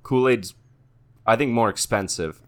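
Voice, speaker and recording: A man's voice: medium pitch, unhurried, clear, resonant tone. A young man co-hosting a podcast in casual, joking chat. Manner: joking, bursts into mock-panicked accent bits. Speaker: podcast co-host.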